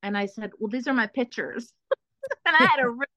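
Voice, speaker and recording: A woman's voice: on the high side, lively intonation, brisk, bright, forceful tone, no room sound, muffled recording. A woman from Texas hosting a casual interview, bubbly and full of filler words. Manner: bubbly, lots of "like" and restarts. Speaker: podcast host.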